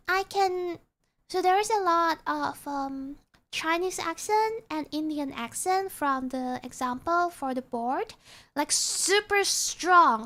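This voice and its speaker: A woman's voice: high voice, fairly bright tone. A young woman streamer chatting casually, thinking aloud and muttering notes to herself as she writes. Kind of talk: casual chat.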